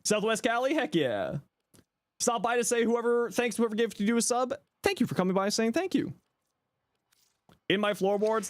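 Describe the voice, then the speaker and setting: A man's voice: high voice, fairly quick. A man with a light Canadian accent from Southern Ontario, chatting casually with viewers on a game stream and reading their messages aloud. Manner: chatty, animated, reads and answers chat aloud.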